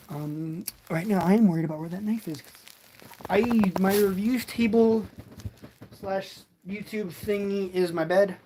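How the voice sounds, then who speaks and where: An eighteen-year-old man chatting casually from his bed during a livestream unboxing, rambling and excitable, and often poking fun at himself. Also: sits high, a little hiss or hum. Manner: excitable, rambling, self-deprecating. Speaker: toy reviewer streaming.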